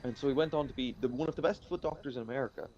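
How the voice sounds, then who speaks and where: A man's voice: medium pitch, racing, darkish tone, highs cut off, a little hiss or hum. A man telling a rambling comic story on a podcast, with frequent restarts.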